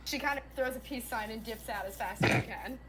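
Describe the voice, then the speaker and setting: A woman's voice: a little high, fairly quick, a bit bright, a little hiss or hum. A woman playing a tabletop game, giggly and swearing freely. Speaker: player.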